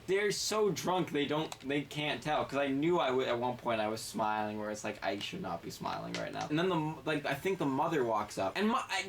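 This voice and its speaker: A man telling a long anecdote in casual chat, rambling and profane, often cutting himself off mid-sentence. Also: mid-range voice. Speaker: game podcast co-host. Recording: distant mic with faint background noise.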